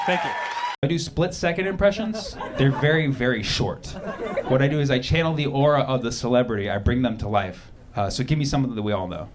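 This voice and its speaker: A man performing a stand-up comedy set, telling stories animatedly, shouting the quotes of the people in them, and working with the crowd. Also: mid-range voice, brisk, very noisy. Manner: crowd work with the audience. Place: comedy club stage.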